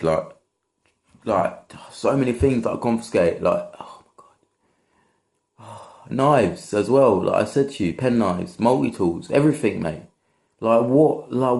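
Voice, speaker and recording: Brief: young man, low voice, vlog rant, sweary and rambling, exasperated. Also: vocal fry, a little mellow. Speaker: vlogger. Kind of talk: casual rant to camera.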